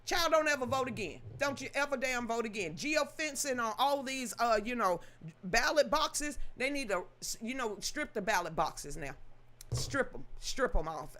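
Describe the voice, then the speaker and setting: A woman's voice: fairly high pitch, animated, moderate pace, fairly bright tone. A woman reading news aloud, then ranting about it in an emphatic, sassy, scolding way. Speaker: political commentary host.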